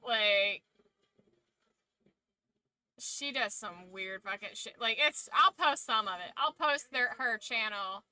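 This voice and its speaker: A woman's voice: fairly high pitch, slow pace, long pauses, pushed and bright, low-quality recording. A woman streamer chatting casually with her viewers, rambling and chatty, swearing freely and trailing off mid-thought. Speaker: streamer hosting a watch-along. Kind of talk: casual live chat.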